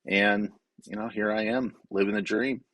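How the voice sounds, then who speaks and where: A man's voice: on the low side, steady tone, moderate pace, fairly bright tone, dry recording. A man from Wyoming, a guest in a casual interview, speaking candidly in a storytelling way with frequent restarts.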